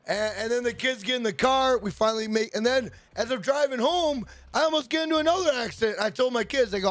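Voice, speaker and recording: Male streamer, very high voice, dry close sound, swears constantly, chatty storyteller. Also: fast talker, hardly any pauses, fairly bright tone, dry recording. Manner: profane, rambling storyteller greeting chat by name. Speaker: livestream host. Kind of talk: casual livestream chat.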